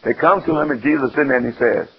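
Gravelly male preacher on muffled radio. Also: mid-range voice, rapid-fire. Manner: animated storytelling, acting out scenes and asking the audience questions. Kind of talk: sermon.

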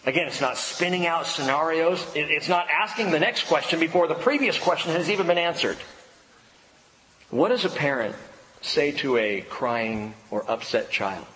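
Hushed-to-booming preacher in a hall. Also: male voice, moderate pace, a little hiss or hum. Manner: conversational preaching, quiet hushed passages, rising emphatic peaks. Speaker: pastor. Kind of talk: sermon.

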